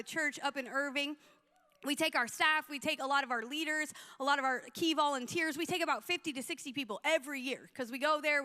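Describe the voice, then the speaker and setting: Bright, animated woman pastor preaching. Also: sits high. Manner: animated, comic, acts out quotes. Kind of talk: storytelling sermon.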